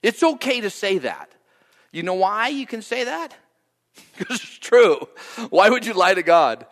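A man preaching a sermon, animated, acting out the prayers he quotes with rising and falling pitch and loudness. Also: measured pace, in a large hall. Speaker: pastor.

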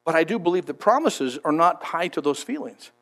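Male pastor, high-pitched, chatty and emphatic, preaching a sermon. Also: big pitch swings, brisk, fairly bright tone. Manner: conversational, emphatic, repeats words.

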